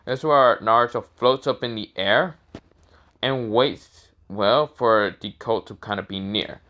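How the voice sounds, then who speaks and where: A man's voice: medium pitch, unhurried, pushed and bright, highs cut off. A man casually narrating a fan-made story, rambling with lots of fillers and self-corrections.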